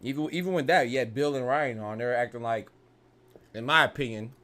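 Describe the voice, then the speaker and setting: A young man hosting a casual boxing podcast, talking in a heated, animated way and peppering his lines with "bro" and profanity. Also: mid-range voice, brisk. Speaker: podcast host.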